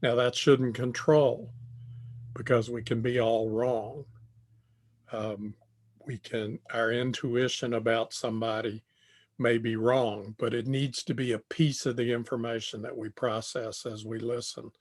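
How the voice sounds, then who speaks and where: An older man lectures on communication in a tutorial, his mid-range voice flat in delivery. He goes deliberately, circling back over phrases as he thinks.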